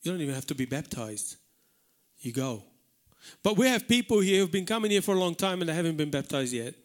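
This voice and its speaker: A Maltese pastor delivers a live sermon in a church hall, his voice fairly high and sing-song, moving a little fast. He preaches earnestly and emphatically, repeating words for stress during the service.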